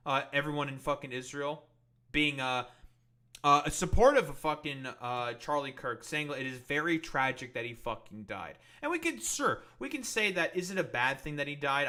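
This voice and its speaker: A man's voice: mid-range voice, expressive, moderate pace, bright, forceful tone. Guy streamer going off, swears nonstop, mocking, voice jumps all over the place. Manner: heated, profane, mocking. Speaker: political streamer. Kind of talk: ranting live-stream commentary.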